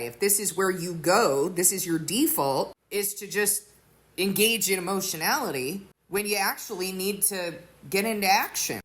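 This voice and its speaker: A woman's voice: lowish voice, a bit bright. A woman giving an earnest sermon-style teaching, explaining with everyday examples. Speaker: teacher of a faith community.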